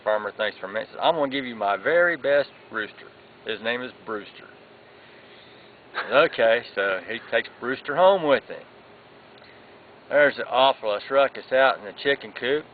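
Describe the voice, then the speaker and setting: A man telling a long folksy joke in a drawn-out storytelling manner. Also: mid-range voice, lively intonation. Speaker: joke teller. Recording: tinny lo-fi sound with faint background noise.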